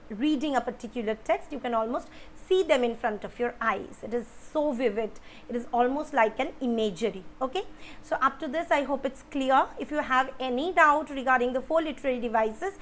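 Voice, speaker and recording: Female teacher, high-pitched, patient and repetitive, says "okay" often. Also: a bit bright. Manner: patient, repeats points, frequent "okay". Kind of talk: explanatory video lesson.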